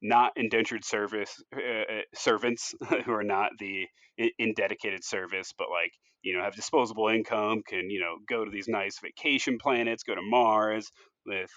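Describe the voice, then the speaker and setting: A man with a fairly low voice talks through a story idea in loose, rambling podcast chat. He keeps circling back with "like" and "you know" and restarts his sentences often. The recording is dry and a little dull, close to the mic with no room sound. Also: fairly even intonation, moderate pace, fairly bright tone, dry recording. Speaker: podcast co-host pitching a movie idea. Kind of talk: casual chat.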